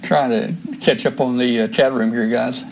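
A man rambling on a casual live stream about radio gear, restarting his sentences and hunting for words. He sounds slightly winded, at an ordinary mid pitch. A faint hiss of noise sits behind him. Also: fairly even intonation, normal speed. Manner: rambling, hesitant, many restarts and fillers. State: out of breath. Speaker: show host demonstrating radios.

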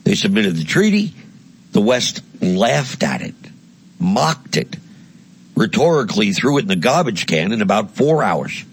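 In a creaky, fairly low voice with a breathy edge, a political commentator delivers an impassioned monologue that is blunt, heated, crude, and mocking.

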